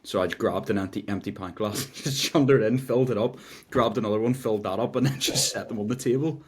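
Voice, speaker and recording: Man, lowish voice, upbeat storyteller on a podcast; a little noise in the mix. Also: fast talker. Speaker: podcast co-host. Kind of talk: casual chat.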